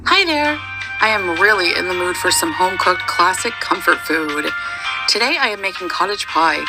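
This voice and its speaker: A woman's voice: on the low side, lively intonation, normal speed, over loud music, rough recording. A woman narrating her own cooking video, chatty and walking through each step. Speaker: cooking vlogger.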